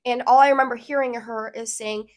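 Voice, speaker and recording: Woman vlogger, slightly high voice, earnest and emotional casual storytelling to camera. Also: steady tone, brisk, a little mellow.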